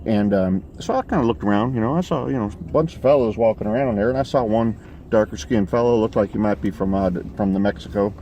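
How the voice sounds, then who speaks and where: Low-voiced rambling man, deadpan. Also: quick pace, a little hiss or hum. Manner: rambling, filler-heavy, deadpan. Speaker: comic character vlogger. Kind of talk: rambling comic monologue. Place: in a vehicle, driving.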